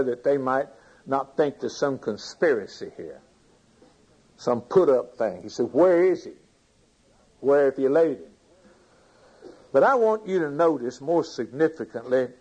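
A man's voice: mid-range voice, darkish tone, husky, low-quality recording. A man preaching a sermon, reading scripture aloud, commenting on it and putting questions to his congregation.

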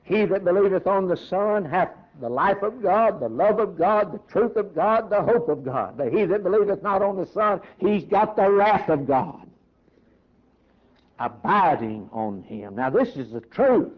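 High-pitched guy preaching fire and brimstone, muffled lo-fi tape sound. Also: lively intonation. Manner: fervent preaching with slow, stressed lines. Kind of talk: sermon. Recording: dull lo-fi sermon recording.

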